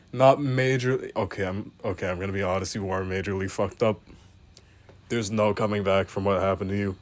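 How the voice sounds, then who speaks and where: Male host, deadpan comedic commentary; mock-serious animal critic, casual swearing. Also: on the low side. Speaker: host reviewing animal pictures.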